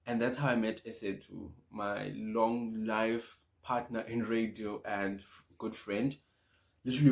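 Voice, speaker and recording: A young man from Swaziland, a YouTuber, telling a personal story to camera in a casual, animated way, acting out his past thoughts. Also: mid-range voice.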